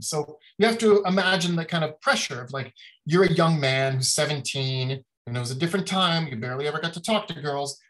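A man's voice: a little high, a bit bright, poor audio. A man giving a casual academic lecture on design history, talking in a chatty way with many fillers and little acted-out quotes.

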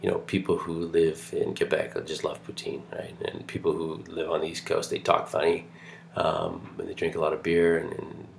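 Man from canada, lecturer, deep voice, gravelly, rambling with ums, faint hiss. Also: completely flat delivery, moderate pace. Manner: chatty, digressive, with many fillers and restarts. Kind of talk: recorded online lecture.

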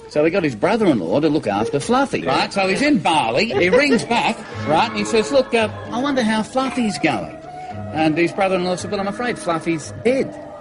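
Lively Australian man telling jokes. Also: sits high, fairly quick, over music, low-quality recording. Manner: lively joke telling, laughing at his own punchlines. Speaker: comedian. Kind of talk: stand-up joke telling.

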